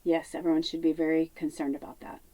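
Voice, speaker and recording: A woman from telling a rambling story in casual, profane talk, drifting between lively bursts and hushed asides. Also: deep voice, fast talker, dry recording, rough recording. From Chicago. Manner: rambling, profane, animated, drops to hushed tones. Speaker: spiritual medium and host.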